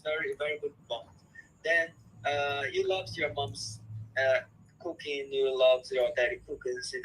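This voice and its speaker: A man speaking as a psychologist guest on a live chat, talking in halting English with many repeats and restarts. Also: medium pitch, a bit bright, low-quality recording.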